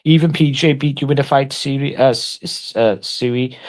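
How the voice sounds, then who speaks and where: A man's voice: mid-range voice, normal speed. A man on a casual livestream, taunting and mock-threatening someone in crude, heavily sworn banter.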